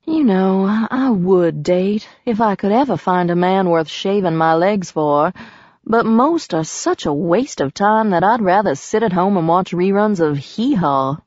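A woman's voice: mid-range voice, animated, unhurried, a little mellow, no echo, muffled recording. A woman reading aloud, voicing a wry, sardonic woman who is a sex therapist. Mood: dry. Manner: dry and wry.

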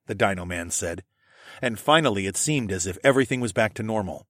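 Audiobook narrator, male, wry and blunt, dry close sound, low husky voice. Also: normal speed, no room sound. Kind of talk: first-person audiobook narration.

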